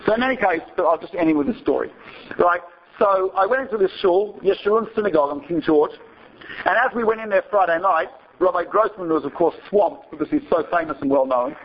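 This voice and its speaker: A man's voice: sits high, breathy edge, highs cut off. A man giving a talk to an audience, telling a story in a conversational way and often checking in with "right?". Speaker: speaker.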